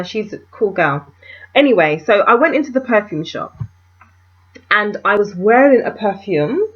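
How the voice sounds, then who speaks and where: A woman chatting to camera as a beauty vlogger, telling stories in an animated way and calling viewers darlings. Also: mid-range voice. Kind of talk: casual chat to camera. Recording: dull, muffled home video sound.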